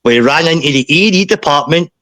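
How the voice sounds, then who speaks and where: A man, a podcast guest, recounting a painful personal story in a halting way, often repeating himself and saying mate. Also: a little high, animated, sharp tone, no room sound.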